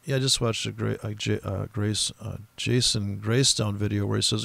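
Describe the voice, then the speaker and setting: Gravelly male trader, casual and profane, rambling over his charts, close dry mic. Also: lowish voice, steady tone, moderate pace, a bit bright, dry recording. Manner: rambling, profane, mimics other traders in quoted voices. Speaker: forex trader streaming his trading. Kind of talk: profane casual trading commentary.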